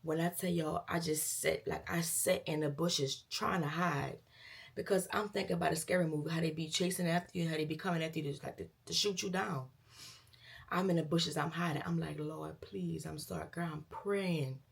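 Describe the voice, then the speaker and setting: Young woman, low gravelly voice, chatty storytime vlogger who acts out the dialogue. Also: fairly quick. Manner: animated retelling with quoted dialogue, addresses viewers as girl and y'all. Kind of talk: casual storytime.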